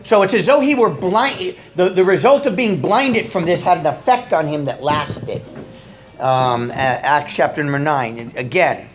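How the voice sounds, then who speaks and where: A man's voice: fairly high pitch, animated, moderate pace. A middle-aged man, a pastor leading a Bible study sermon in a conversational way, reading scripture aloud with rising emphasis.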